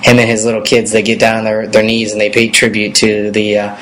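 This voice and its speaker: A man in his thirties, a pop singer, answering fan questions in a relaxed, rambling way, with many fillers. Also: lowish voice, a little fast, slight background noise, poor audio. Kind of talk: casual video Q&A.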